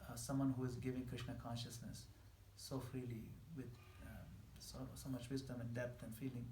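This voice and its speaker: A man giving a scripture class in a temple hall, animated and emphatic, laughing at his own examples. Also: medium pitch, moderate pace, slight background noise. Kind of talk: scripture class lecture answering questions. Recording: echoey hall with faint ambience.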